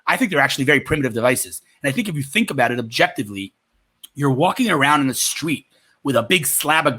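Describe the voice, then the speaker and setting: A man with a quick, energetic delivery and a bright, forceful tone, audibly husky around the edges. He talks as an enthusiastic podcast guest in a lively back-and-forth. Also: medium pitch. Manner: animated, enthusiastic storyteller. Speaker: podcast guest, tech marketer. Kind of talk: conversational interview.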